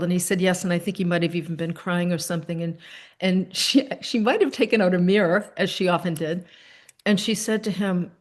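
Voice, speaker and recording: A middle-aged woman hosts a relaxed chat over a video call. She tells a long story with animated quick asides and soft fillers along the way. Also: lowish voice. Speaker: host.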